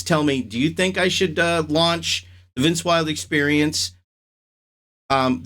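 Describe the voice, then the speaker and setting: A man with a fairly high-set voice hosts his own show in a loose, casual chat. He reacts and rants with strong opinions and sounds animated and outspoken. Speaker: host.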